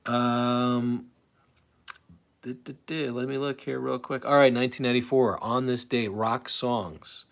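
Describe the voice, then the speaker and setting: A man's voice: medium pitch, steady tone, a little slow. A man in his forties hosting a live stream in a casual, rambling way, often breaking off and starting again with fillers. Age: 40s. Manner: rambling, self-interrupting, many fillers.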